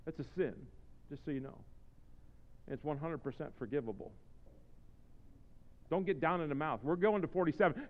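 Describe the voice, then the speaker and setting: A man preaching a sermon as pastor, swinging from low, joking asides to shouted exhortations in plain-spoken language. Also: moderate pace, long pauses. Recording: reverberant, slightly dull hall recording.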